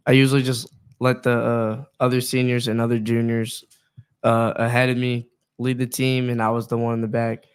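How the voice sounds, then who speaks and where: A teenage football player speaks earnestly about leading his team, measured and with filler words. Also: mid-range voice, smooth. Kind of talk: casual interview chat.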